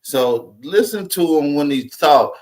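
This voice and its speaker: A man's voice: fairly high pitch, animated, a little slow, a little mellow. A man mocking clips in casual, profane reaction commentary.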